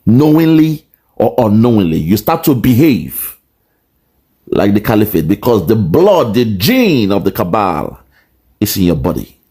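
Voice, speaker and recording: A man's voice: lowish voice, big pitch swings, a little slow, dark tone, slightly rough. A man with a Nigerian accent giving an impassioned political monologue, rhetorical and repetitive. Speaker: political commentator.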